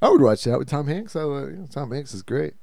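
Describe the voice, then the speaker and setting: A man co-hosting a casual podcast, joking around and laughing between bits. His pitch swings widely as he talks. The sound is dry and close, with no room echo. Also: big pitch swings, quick pace, vocal fry, warm tone. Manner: jokey, laughing, trying out silly impressions. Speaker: podcast co-host. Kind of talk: casual comedic chat.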